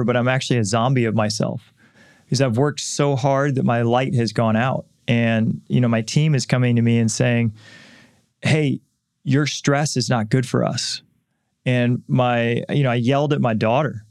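A man's voice: medium pitch, darkish tone, no room sound, studio quality. A middle-aged man hosting a podcast, speaking candidly and earnestly in a personal reflective monologue, with frequent restarts. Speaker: podcast host and author.

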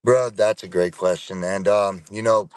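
Deep-voiced man chatting from his car. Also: steady tone, normal speed, smooth, no echo. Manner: laid-back, profane, says "bro" and "dude" constantly. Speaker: podcast guest. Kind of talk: casual conversation. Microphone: remote call.

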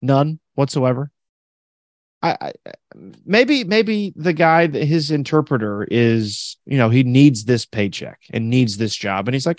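A podcast host with a medium-pitched voice tells stories animatedly in casual chat, acting out other people's lines. He speaks unhurriedly, and the studio sound is clean with no echo.

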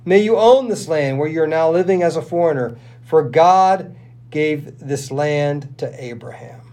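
A man with a somewhat high but soft, mellow voice reads scripture aloud on a podcast. He shares the reading with a co-host and gives the quoted speech an expressive lift. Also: a little slow. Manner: expressive reader who lifts his voice for quoted speech.

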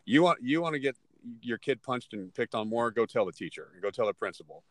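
A middle-aged man and father telling a story in casual chat, blunt and animated, cursing freely. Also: medium pitch, a little fast.

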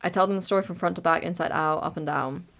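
A woman's voice: on the low side, steady tone, quick pace, creaky, a bit bright. A woman in her late teens, hosting a podcast and telling a chaotic, giggly, dramatic story in a casual way. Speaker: podcast host.

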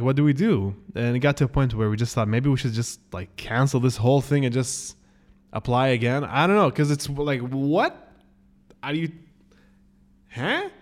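Podcast guy rambling through a story, mid pitch, does little voices for people, gets all high and incredulous. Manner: animated, acts out quoted people with sudden pitch jumps and laughs. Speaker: podcast host. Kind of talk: casual storytelling.

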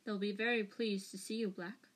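A woman voicing a cold, spiteful male professor in a fan audiobook reading, with slow, soft, silky menace. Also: medium pitch, fairly even intonation, close to an everyday voice. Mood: menacing.

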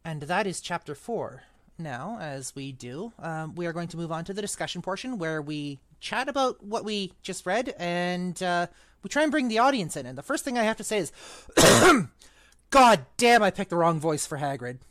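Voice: mid-range voice, expressive, moderate pace, no echo. A book club podcast co-host in casual chat, rambling and thinking aloud, with the odd swear.

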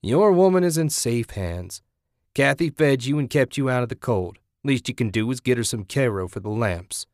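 A man's voice: mid-range voice, expressive, moderate pace, no room sound, clean studio sound, voice pushed up, lightly acted. A man doing a crude backwoods old-timer. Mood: insistent. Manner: loud, coarse, gruff.

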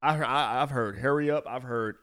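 A man's voice: mid-range voice, fairly quick, fairly bright tone. A man co-hosting a podcast in casual, profane banter, laughing often. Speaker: podcast co-host.

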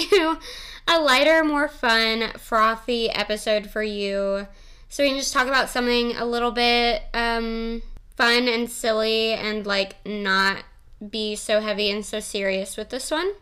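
A young woman rambles through a casual solo podcast, giggly and freely swearing. Her voice is bright and crisp, sitting a little high for a woman. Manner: rambling, giggly, profane and playful. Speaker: podcast host.

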